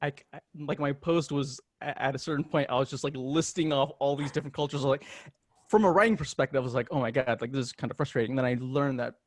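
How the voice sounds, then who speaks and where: A man from the United States on a podcast panel, speaking in a thoughtful, measured way with a few fillers. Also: medium pitch, no echo. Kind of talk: casual panel discussion.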